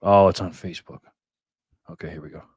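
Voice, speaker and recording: A man's voice: deep voice, steady tone, a little fast, breathy edge, dry recording, studio quality. Upbeat older man hosting a live stream. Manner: loud upbeat shout-outs, drops to mutters while fiddling with phone. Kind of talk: casual live stream chat greeting viewers.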